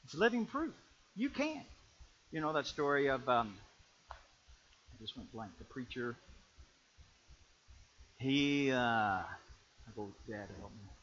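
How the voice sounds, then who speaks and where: A man preaching as pastor, in a folksy, animated storytelling way that jumps to loud peaks. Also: medium pitch, slow, long pauses, highs cut off. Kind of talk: sermon.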